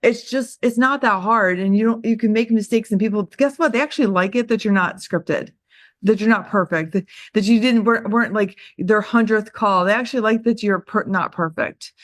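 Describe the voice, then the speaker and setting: A woman's voice: a little high, a little fast, hardly any pauses, no room sound. Older woman host, talkative and self-deprecating, everyday register, dry close recording. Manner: chatty, self-deprecating, laughs at herself. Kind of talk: casual motivational talk on a group call.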